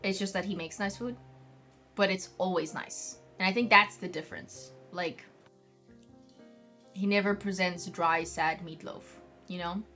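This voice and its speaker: A woman's voice: lowish voice, a little slow, pushed and bright, soft background music. A young woman streaming as a vtuber, chatting casually to her viewers and rambling with lots of filler words. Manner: rambling, heavy use of "like" fillers. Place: home streaming setup.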